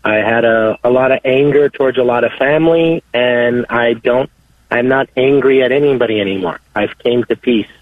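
A man calling in to a radio show, speaking earnestly and haltingly. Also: medium pitch, no echo. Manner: earnest, halting, many restarts. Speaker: caller. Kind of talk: call-in radio testimony. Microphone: telephone. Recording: dry tinny phone line.

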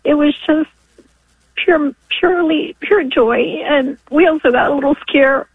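A woman's voice: sits high, unhurried, no echo. A woman in her forties from New York calling in, emotional and tearful as she speaks. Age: 40s. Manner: emotional, tearful, breaking into laughs. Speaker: caller. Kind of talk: phone-in testimony. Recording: tinny dry phone line.

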